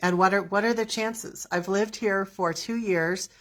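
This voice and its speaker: A woman's voice: medium pitch, fairly even intonation, measured pace, fairly bright tone. A woman hosting her own show, telling a personal story in a rambling way with many restarts. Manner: rambling, restarts often, drawn out. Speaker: host. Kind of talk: casual storytelling monologue.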